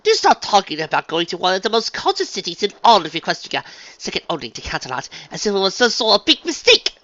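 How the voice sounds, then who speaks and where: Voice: mid-range voice, huge pitch swings, fast, sharp tone, pitched above the performer's own voice. A reader voicing a refined, dramatic unicorn dressmaker mare who talks in a posh, gushing, theatrical way, on a dull lo-fi recording. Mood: exasperated.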